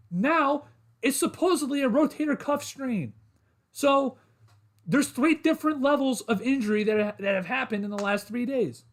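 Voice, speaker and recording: Sports podcast host, man, very high voice, frustrated solo rant to chat. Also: normal speed, gravelly. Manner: frustrated, repetitive, addresses chat as guys.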